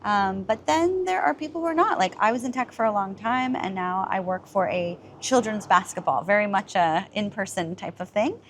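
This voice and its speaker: A woman chatting in a casual interview, animated and full of asides and fillers. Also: mid-range voice, moderate pace, few pauses, slight background noise. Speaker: interviewee, community member.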